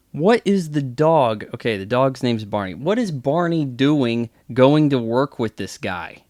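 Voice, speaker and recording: A man's voice: mid-range voice, very animated, unhurried, hardly any pauses, a little mellow, no room sound. Guy doing casual movie commentary, wry jokey asides, dry sound. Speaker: film commentator.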